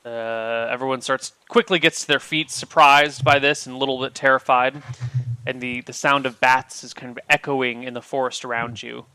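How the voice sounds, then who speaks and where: A man acting as game master, narrating scenes and calling for dice rolls in a relaxed, descriptive way. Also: medium pitch, clean tone, dry recording. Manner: descriptive, unhurried scene-setting.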